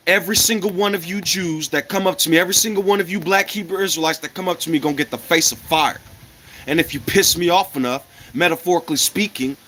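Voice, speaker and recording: A man's voice: fairly high pitch, sharp tone. A man from America delivering an angry, profane monologue to his viewers, firing off rhetorical questions and coughing now and then. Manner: blunt, profane and combative, with repeated rhetorical questions.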